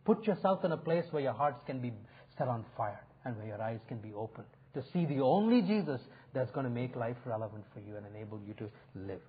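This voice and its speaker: A man's voice: mid-range voice, sing-song, brisk, husky. A male pastor preaching a sermon in an earnest, inviting way, swelling and dropping his emphasis. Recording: phone-like narrow sound.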